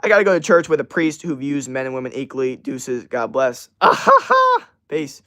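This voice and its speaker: A man's voice: medium pitch, a little fast. Male streamer host, blunt and foul-mouthed, rambling rant delivery. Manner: profane, blunt and ranting. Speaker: livestream host. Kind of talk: livestream rant.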